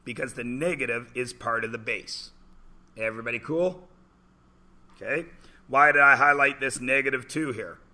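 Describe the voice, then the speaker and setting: A man's voice: mid-range voice, normal speed, pauses often, pushed and bright. A man in his forties teaching a math class, chatty and joking, asking the class questions in between. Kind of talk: classroom lecture with anecdotes.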